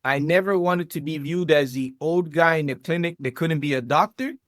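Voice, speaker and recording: A man in his thirties with a South Florida accent, a podcast guest telling his story in a lively, chatty way with many fillers. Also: a little high, normal speed, no echo, studio quality. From South Florida, USA. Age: 30s. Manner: animated storyteller, many fillers, addresses listeners as guys. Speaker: podcast guest, vet tech and entrepreneur. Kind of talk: casual interview chat.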